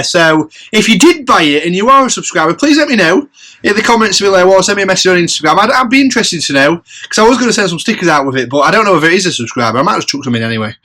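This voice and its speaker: Bright, chatty man. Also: sits high, a little hiss or hum. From England. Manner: chatty, upbeat, running tallies of prices and profit. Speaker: reseller vlogger. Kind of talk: casual chat.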